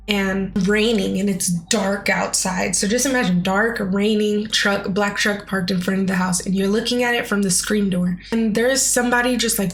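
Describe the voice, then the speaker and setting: A woman's voice: medium pitch, vocal fry. A young woman telling a personal story in a casual, chatty way, with lots of "like" and "you know.". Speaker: vlogger.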